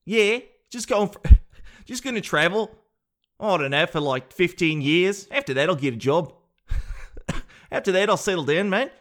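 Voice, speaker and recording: A man's voice: high voice, animated, measured pace, pauses often, a bit bright. A man putting on a put-on Australian accent, voicing a carefree thrill-seeking young male traveler with a brash, drawling manner.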